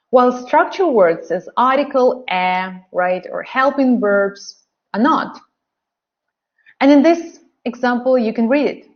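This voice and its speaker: A woman teaching English pronunciation in an online webinar, drilling phrases slowly by repeating them. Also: a little high, animated, lo-fi sound. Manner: slow, drilling phrases by repetition.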